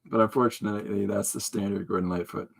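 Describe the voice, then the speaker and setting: A man's voice: on the low side, fairly even intonation, fast talker, creaky, slightly rough. A man hosting a podcast, chatting loosely, joking and laughing often. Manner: jokey, laughs often, breaks into impressions. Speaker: podcast host. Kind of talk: rambling casual chat.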